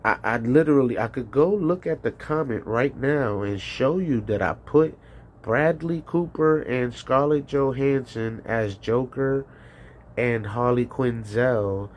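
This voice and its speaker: Slow, rambling profane male streamer. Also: medium pitch, slight background noise. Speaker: call-in show host. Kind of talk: casual livestream rant.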